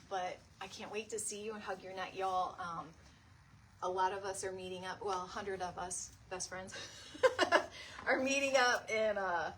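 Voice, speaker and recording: A middle-aged woman hosting a casual live craft stream, chatting to viewers by name and laughing often. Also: a little hiss or hum. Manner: animated, jumps to high pitch when retelling stories. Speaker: craft livestream host.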